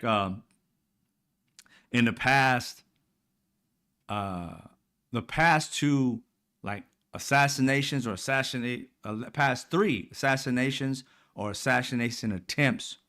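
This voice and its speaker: Profane ranting man. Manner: profane, exasperated, mocking; swings from loud and high to low and quiet. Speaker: political commentary host. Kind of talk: casual ranting commentary.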